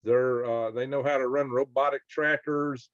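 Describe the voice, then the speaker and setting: A man with a Southern American accent talks in a folksy, emphatic way as host of a casual conversation. His voice sits at an ordinary pitch. The sound is dry, close and slightly muffled. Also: fairly even intonation, normal speed, dry recording. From Southern United States. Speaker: podcast host.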